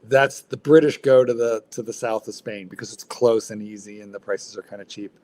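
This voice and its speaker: A man's voice: lowish voice, steady tone, a little fast, a little mellow. A man hosting a livestream in casual chat, rambling and blunt, swearing freely with lots of fillers. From United States. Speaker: livestream host.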